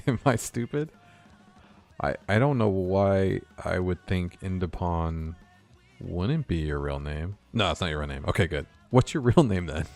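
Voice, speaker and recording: A young man from California chatting casually with his viewers while he codes, quick to laugh. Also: deep voice, a little mellow. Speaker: game developer streaming. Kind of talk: casual live-stream chat while coding.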